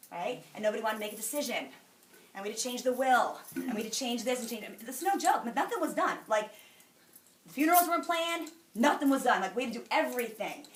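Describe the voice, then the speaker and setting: A woman giving a motivational talk to a meeting, telling stories and acting out the dialogue. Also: a little high. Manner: animated storyteller, acting out dialogue. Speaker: sales director speaking at a meeting. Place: meeting room. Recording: echoey room, from a distance, faint noise.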